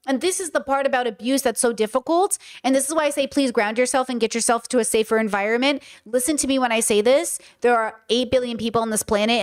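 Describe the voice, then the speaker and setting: Passionate woman with a higher voice. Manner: passionate, emphatic, repeats points. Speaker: podcast host. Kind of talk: casual monologue.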